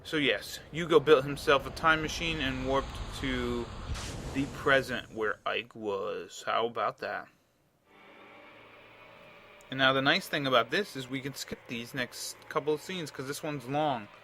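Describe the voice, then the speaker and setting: A man's voice: medium pitch, unhurried, bright, forceful tone, slight background noise. A man around thirty giving casual, rambling commentary over a video game he is playing. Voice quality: rambling, chatty, frequent restarts. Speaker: let's play commentator.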